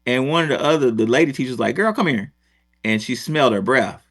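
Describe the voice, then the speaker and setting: A man's voice: medium pitch, fast. A middle-aged man from Rochester telling a story in casual chat, with lots of swearing and digressions. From Rochester, New York. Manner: profane, digressive, animated. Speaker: podcast host, former teacher.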